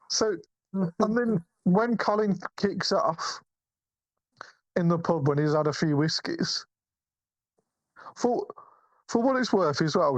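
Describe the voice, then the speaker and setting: A man's voice: on the high side, dry recording, poor audio. A man co-hosting a podcast, chatting casually about a film in a rambling way, full of restarts and swearing. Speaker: podcast co-host. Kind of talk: casual film review chat.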